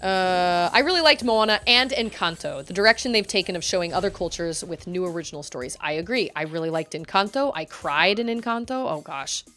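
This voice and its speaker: A woman's voice: on the low side, lively intonation, a little fast, hardly any pauses, bright, forceful tone, soft background music. A woman livestreaming a video game, chatting casually and rambling, laughing often. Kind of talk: casual chat while gaming.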